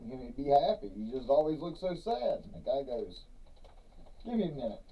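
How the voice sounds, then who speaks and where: A man, co-hosting a podcast and telling a long joke in a laid-back way, chuckling between lines. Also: on the high side. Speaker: podcast co-host. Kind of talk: casual chat, telling a joke. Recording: distant mic, dull lo-fi sound.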